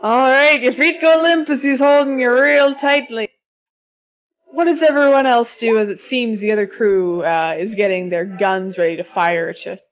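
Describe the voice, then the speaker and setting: A woman's voice: on the high side, fairly even intonation, moderate pace, lo-fi sound. A woman running a tabletop game as game master, narrating scenes vividly.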